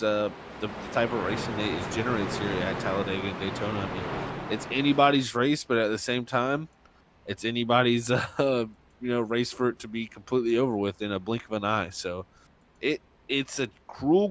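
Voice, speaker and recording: A man calling a sim racing event as play-by-play commentator, chatty and laughing between his remarks. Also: fairly low pitch.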